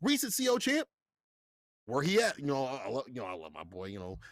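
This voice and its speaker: A man casting a fighting-game tournament live, hyped and playful and quick to laugh. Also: mid-range voice, huge pitch swings, no echo, studio quality. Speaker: esports commentator.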